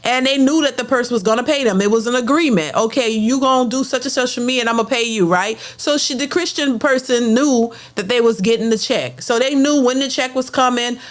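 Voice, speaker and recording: A woman with a somewhat high voice hosts a reaction show and delivers a casual, opinionated rant. She talks bluntly and with emphasis. She stumbles and repeats words when she gets heated. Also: brisk, hardly any pauses. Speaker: reaction channel host.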